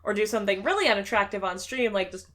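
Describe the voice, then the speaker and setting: A woman's voice: medium pitch, lively intonation, fast, a bit bright. A woman hosting a casual chat show, talking in a chatty, joking way and swearing casually. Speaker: streamer and show host.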